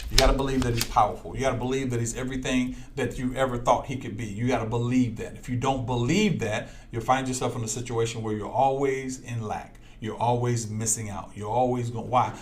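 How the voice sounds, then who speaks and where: A man's voice: medium pitch, fairly even intonation, a little fast, few pauses. A man preaching to his listeners, telling personal stories and repeating his points with emphasis. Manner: emphatic, repetitive, talks straight to listeners. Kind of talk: preaching with storytelling.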